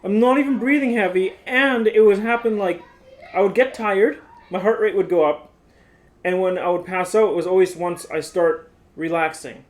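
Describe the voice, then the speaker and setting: A man's voice: high voice, moderate pace. A man in his twenties telling his story in a casual, exasperated way, full of "like"s. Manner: animated, exasperated retelling with many "like"s.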